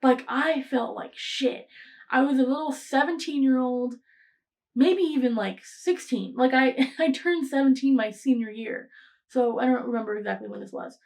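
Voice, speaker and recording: A woman's voice: high voice, moderate pace, a little mellow. A young woman in her late teens hosting a podcast, telling a story in a rambling casual way, full of fillers and restarts. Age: young adult. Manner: rambling, frequent fillers and restarts, acts out quoted lines. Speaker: podcast host.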